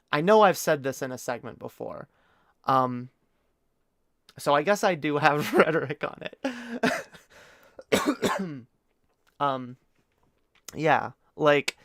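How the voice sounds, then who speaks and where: A man's voice: medium pitch, a bit bright, clean tone, dry recording, studio quality. A man talking to his chat on a live stream, rambling and opinionated, swearing casually among lots of fillers and restarts. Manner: earnest and opinionated, addresses chat directly.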